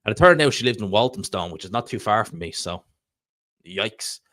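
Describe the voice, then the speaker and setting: Low-voiced Dublin Irish man chatting. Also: animated, normal speed, sharp tone, dry recording, studio quality. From Ireland. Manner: rambling, chatty, reads viewer comments aloud. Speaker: live stream host. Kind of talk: casual live-stream chat about boxing.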